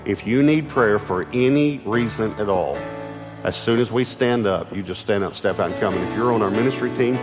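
A middle-aged man with a Texan accent preaches from the pulpit, pressing his points and circling back to restart phrases. His voice sits low. The sound carries a long hall reverb, with faint music underneath. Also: moderate pace. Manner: emphatic preaching with repeated restarts. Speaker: pastor. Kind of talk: sermon. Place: large church auditorium.

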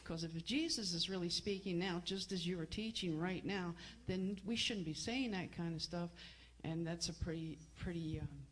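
Low-voiced woman, earnest questions. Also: normal speed.

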